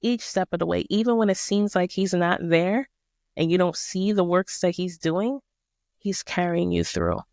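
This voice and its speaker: A woman's voice: fairly low pitch, fairly even intonation, unhurried, a little mellow, dry recording, studio quality. A woman hosting a podcast, walking listeners through a Bible passage in a casual, slangy, emphatic way. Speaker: podcast host. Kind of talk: casual Bible study talk.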